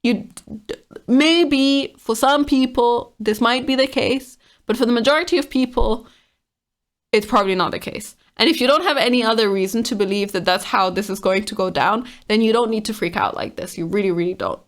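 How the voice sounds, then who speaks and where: A woman's voice: on the high side, normal speed. A woman casually reading online comments aloud and reacting to them with frank exasperation.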